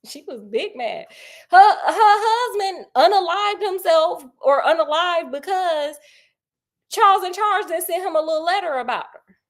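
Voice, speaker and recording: A woman storyteller retelling a classic mystery in an animated, slangy way, asking her listeners questions. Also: very high voice, measured pace.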